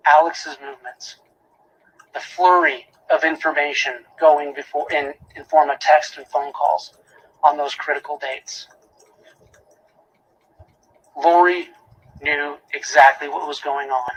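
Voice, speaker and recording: A man with a husky, slightly higher-pitched voice delivers a prosecutor's closing argument to a jury in a courtroom. He speaks emphatically, hammering home repeated phrases and pointed rhetorical questions. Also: steady tone, a little slow, pauses often, a bit bright, rough recording.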